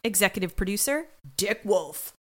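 A woman's voice: mid-range voice, expressive, normal speed, fairly bright tone. A woman co-hosting a podcast, recapping a crime show in casual chat, joking and putting on voices for the characters. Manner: jokey, does voices of characters. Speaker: podcast co-host.

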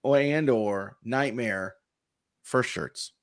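A man's voice: medium pitch, takes it slowly. A man co-hosting a casual chat among military veterans, joking, swearing and laughing often. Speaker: podcast co-host.

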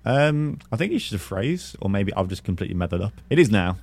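A man's voice: on the low side, big pitch swings, fast, a little mellow, no echo. A young man hosting a casual podcast chat, teasing and jokey with his guest. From English Midlands, near Birmingham. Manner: teasing, jokey, laughs often. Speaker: podcast host.

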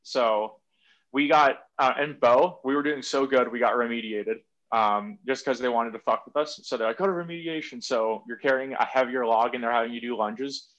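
A man's voice: medium pitch, steady tone, moderate pace, a bit bright. A man telling stories in a loose, rambling way, full of fillers and casual swearing. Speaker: guest. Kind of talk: casual conversation. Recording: slightly muffled audio.

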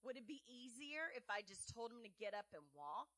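A woman's voice: big pitch swings, fairly quick, a bit bright. A woman preaching a sermon in a conversational way, asking the congregation rhetorical questions and acting out the quoted voices. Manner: acts out quoted voices with big pitch swings. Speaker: church speaker.

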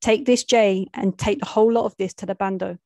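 A woman voicing a menacing, deep-voiced male drug dealer with an Italian accent in an audio story, teasing one moment and cold the next. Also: fairly even intonation, brisk, a little mellow, no room sound, studio quality, natural voice. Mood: commanding. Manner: laughing, teasing, then cold and threatening.

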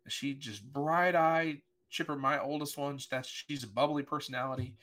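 A middle-aged pastor speaks with a bright, forward edge to his voice. He tells his story earnestly and with feeling, sometimes repeating himself. His pitch stays in an ordinary middle range. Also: steady tone, moderate pace. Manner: earnest, emotional, vivid retelling with voiced quotes. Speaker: pastor, podcast guest. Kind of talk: personal storytelling in conversation.

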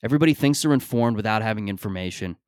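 A man hosting a podcast, telling stories in a rambling, profane, animated way, often stammering and restarting his sentences. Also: on the low side, very fast, no room sound, studio quality. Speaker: podcast host. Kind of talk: casual comedic monologue.

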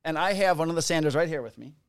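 A man's voice: on the high side, rapid-fire, clean tone, no echo, clean studio sound. A man co-hosting a casual podcast, rambling through stories, jokes and a sponsor read. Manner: joking, rambling storyteller. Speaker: podcast co-host. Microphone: studio podcast mic.

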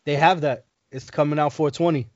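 A man in a casual chat, talking in a relaxed, slangy and agreeable way. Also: fairly high pitch, fairly quick, no echo. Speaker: podcast co-host. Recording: dry, slightly dull recording.

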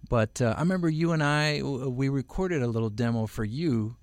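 A man's voice: mid-range voice, a little fast, no room sound. Rambling middle-aged man, casual chat. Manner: rambling, many fillers and restarts. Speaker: voice-over artist guest. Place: home.

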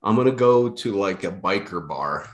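A man's voice: low-pitched, animated, moderate pace. A young man co-hosting a podcast, talking in a casual, rambling, self-deprecating way with lots of restarts. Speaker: podcast co-host. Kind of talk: casual chat.

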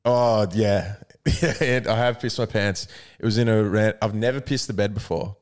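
A man's voice: fairly low pitch, steady tone, moderate pace, darkish tone. Young guy, podcast host, blunt and jokey, laughs a lot through crude banter. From Australia. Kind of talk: casual chat.

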